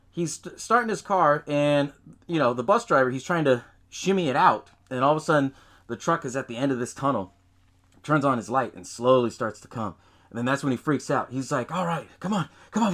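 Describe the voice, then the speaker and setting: A man's voice: a little high, a bit bright. A man hosting a podcast, recapping a film in loose casual chat, swearing often, laughing and acting out lines from scenes. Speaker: podcast host.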